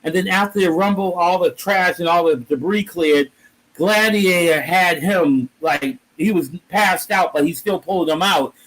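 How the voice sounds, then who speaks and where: In a laid-back interview, a comic creator guest with a high, lively male voice talks about comics. He's an animated storyteller, telling his stories with energy, exclaiming and acting out other people's lines. His pace is a little slow, and the recording is rough.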